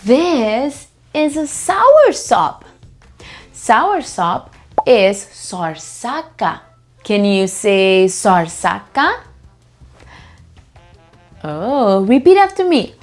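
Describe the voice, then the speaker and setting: A woman teaching vocabulary to toddlers, prompting children to repeat each word slowly after her. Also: a little high, sing-song, faint music behind.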